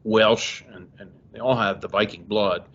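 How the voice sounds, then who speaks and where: A man in casual conversation as a podcast guest, telling stories with lively, acted-out quotes. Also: on the low side, a little slow, a little hiss or hum. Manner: animated storyteller, acts out quoted voices. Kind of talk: casual chat. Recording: dull lo-fi audio.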